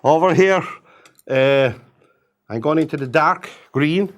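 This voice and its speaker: A man demonstrating a painting, chatting gently and coaxing the paint along as he works. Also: fairly high pitch, slow. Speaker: painting instructor.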